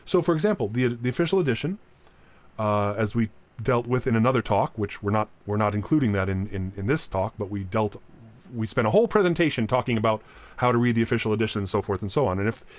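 A man's voice: lowish voice, lively intonation, quick pace. A man giving a recorded lecture on chant. He explains plainly, often restarts his sentences, and now and then sings short examples. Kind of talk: recorded talk.

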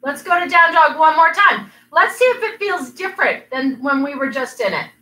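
A woman's voice: high-pitched, lively intonation, normal speed, pushed and bright. A woman leading a children's yoga class, playful and teasing as she guides each pose. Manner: playful, teasing with silly animal sounds. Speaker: kids' yoga instructor. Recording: echoey room, voice from a distance.

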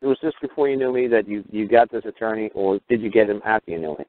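A man hosting a call-in radio show, talking rapidly and mockingly and acting out the people he quotes. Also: fairly low pitch, no echo. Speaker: host. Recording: tinny phone-like radio audio.

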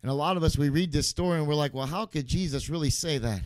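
High-voiced emphatic preacher, dry sound. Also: male voice, quick pace, no echo. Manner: emphatic preaching, repeats phrases for stress. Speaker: pastor. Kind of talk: sermon.

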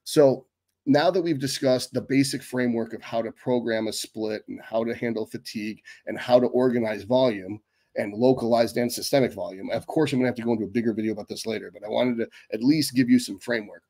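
A man's voice: mid-range voice, warm tone. Blunt, profane man lecturing on training. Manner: blunt, profane, fast-talking. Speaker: bodybuilding coach and doctor. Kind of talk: unscripted fitness lecture.

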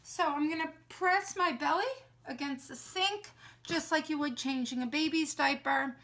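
A middle-aged woman dog trainer demonstrating how to clean a dog at an indoor sink, talking in a calm, soothing way. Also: high-pitched, normal speed.

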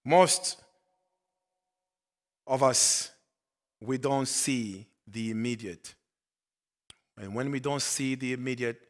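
A male pastor preaching a sermon, swinging between loud emphatic bursts and quiet low asides. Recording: long hall reverb.

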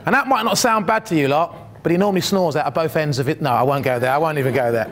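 A man's voice: fairly high pitch, fast, a little hiss or hum. A middle-aged man, telling a humorous story from his sprinting days to students. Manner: animated, humorous, addresses the audience directly. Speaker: motivational speaker, former sprinter.

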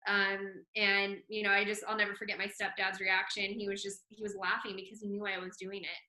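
A woman podcast host telling a story from her life in casual chat, animated and laughing often, acting out what people said. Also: mid-range voice, a little fast. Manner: animated, laughs often, acts out quoted lines. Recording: roomy echo.

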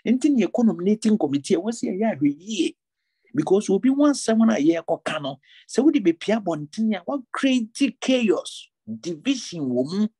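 A Ghanaian man preaching a sermon, his voice husky and a little rough. He builds intensity as he goes and mixes English words into his speech. The sound is dry and close, with no room echo. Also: high voice, warm tone. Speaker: pastor.

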